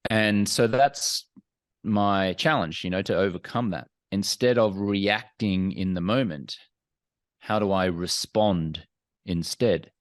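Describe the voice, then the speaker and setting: A man answers interview questions candidly, measured and thoughtful. His voice sits low. The sound is dry, with little room around it. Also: no echo. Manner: frank, self-examining, measured. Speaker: podcast guest. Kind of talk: candid, reflective interview talk.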